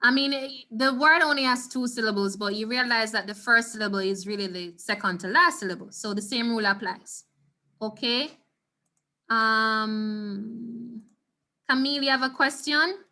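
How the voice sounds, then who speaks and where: A woman with a Jamaican accent teaching a Spanish class over a video call, patiently repeating words slowly for her students. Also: fairly high pitch, sharp tone. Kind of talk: online class lesson. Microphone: computer mic on a video call.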